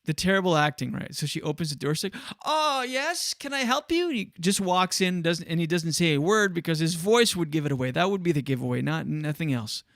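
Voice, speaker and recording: A man's voice: a little high, fast, hardly any pauses, no room sound, clean studio sound. A male show host in casual solo talk, telling a story with energy and acting out the people in it. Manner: animated storytelling, acts out quotes.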